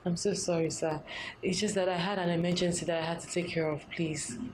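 A woman's voice: fairly low pitch, fairly quick, natural voice. An actress playing a young female new bank employee who apologizes and begs her boss for help. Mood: pleading. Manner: apologetic, pleading, deferential. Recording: echoey room with steady background noise.

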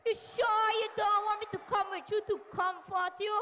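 A woman's voice: very high voice, flat delivery, normal speed, bright, forceful tone, long reverb tail, slight background noise. Woman playing a forlorn island husband. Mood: caring. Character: lonely Caribbean husband, helpless without his wife.

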